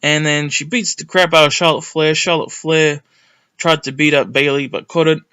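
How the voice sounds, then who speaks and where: Excitable young man, bright voice. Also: a little high, moderate pace, clean tone. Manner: rambling, excitable, sweary, lots of ums. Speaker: wrestling reviewer. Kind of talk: casual recap monologue.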